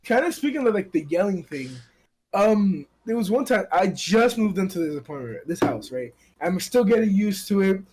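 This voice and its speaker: A man telling stories among friends in casual chat, animated and swearing, acting out the voices of the people in them. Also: high voice, normal speed, slight background noise.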